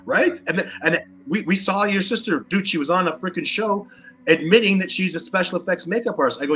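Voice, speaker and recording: Canadian man on the interview seat: pushy, emphatic, stumbles over repeated words, slightly raised pitch, soft music bed. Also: big pitch swings, brisk. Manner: emphatic and combative, repeats words when worked up. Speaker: interview guest, Sasquatch researcher. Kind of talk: animated interview talk.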